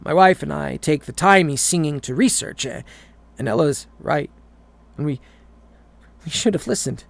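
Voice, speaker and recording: Gravelly man narrating a horror story. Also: fairly high pitch, normal speed. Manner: stumbles and repeats words while reading. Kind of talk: reading a horror story aloud.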